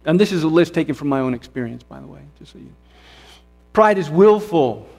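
Speaking very fast, this pastor has a fairly high, gravelly yet warm voice as he delivers an earnest, repetitive sermon, often starting phrases over. He is in a church sanctuary, and the hall's long reverb carries through the recording.

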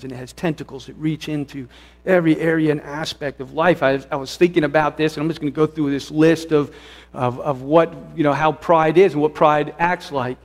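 A man preaching a sermon as pastor, earnest and repetitive, often restarting his phrases. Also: on the high side. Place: church sanctuary. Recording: long reverb of a church hall.

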